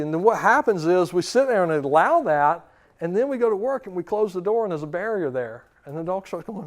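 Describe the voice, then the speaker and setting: A man in his thirties with a high-pitched, lively voice gives a seminar talk as a dog trainer. He's forceful, acting out commands and the dogs' thoughts in quick voices.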